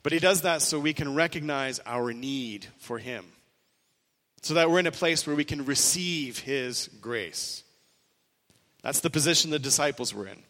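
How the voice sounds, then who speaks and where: A man's voice: a little high, moderate pace, fairly bright tone, big-room sound. A male pastor preaching an earnest sermon, voicing quoted lines with rising emphasis.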